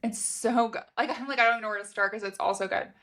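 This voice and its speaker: A woman's voice: fairly high pitch, quick pace. A woman co-hosting a book podcast, chatting casually and reading romance passages aloud with laughter. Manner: animated, laughs while reading. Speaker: podcast co-host.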